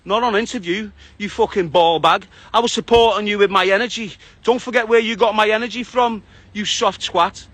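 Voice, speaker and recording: A man with a high, bright voice ranting on a live stream, full of passion and constant swearing. He talks into a phone in a dry space with no room echo. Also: brisk. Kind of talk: angry monologue on a live stream.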